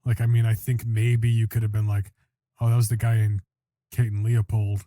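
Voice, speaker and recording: A man's voice: fairly low pitch, flat delivery, moderate pace, dark tone, no echo, clean studio sound. A man co-hosting a casual podcast chat, talking in a chatty, agreeable way with lots of "you know" and "like.". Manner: chatty, filler-heavy, agreeable. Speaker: podcast co-host.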